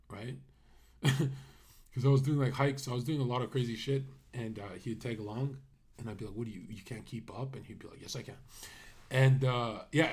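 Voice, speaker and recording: A man streaming, rambling through a casual story with animated storytelling. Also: medium pitch, husky. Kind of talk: casual chat.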